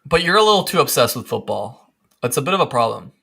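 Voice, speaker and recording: A man hosting a podcast in casual chat, telling stories in a lively, animated way with playful asides. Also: mid-range voice, fast talker, creaky. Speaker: podcast host.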